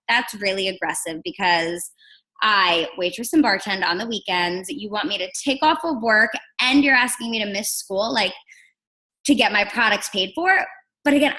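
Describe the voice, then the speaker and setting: A young woman from New Jersey tells her story on a team call, animated and chatty. Her voice is bright and forward. She sits at a middle pitch for a woman. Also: rough recording. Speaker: guest on a team training call. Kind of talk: casual storytelling.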